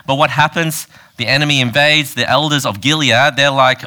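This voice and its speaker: A man's voice: medium pitch, fairly even intonation, moderate pace, few pauses, bright, forceful tone. A man preaching a casual, conversational sermon, retelling a Bible story and acting out its quoted lines.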